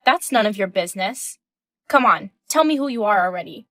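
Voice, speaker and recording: A woman's voice: fairly high pitch, lively intonation, brisk, fairly bright tone, no room sound. Indignant woman in her thirties. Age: 30s. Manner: indignant, questioning. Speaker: story narrator voicing the wife. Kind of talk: scripted text-story reading.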